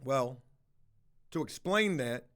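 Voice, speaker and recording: A man's voice: mid-range voice, lively intonation, takes it slowly, fairly bright tone. A middle-aged man rambling through a profane story while chatting with viewers on a casual livestream. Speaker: house-flipping livestreamer.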